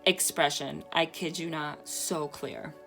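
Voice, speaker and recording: A woman giving a casual tarot reading to camera, excitable and swearing, breaking into exclamations. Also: deep voice, takes it slowly, gravelly, faint music behind. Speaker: tarot reader.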